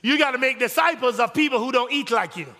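A male pastor preaching a sermon, rising to shouts on key phrases in call-and-response style, in a church sanctuary. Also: very high voice, lively intonation, quick pace, long reverb tail.

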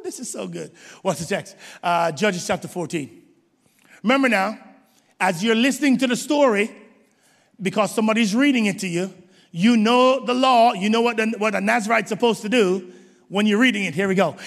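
A man preaching a sermon as pastor, emphatic, swinging from shouted exhortations to hushed low asides. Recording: long hall reverb.

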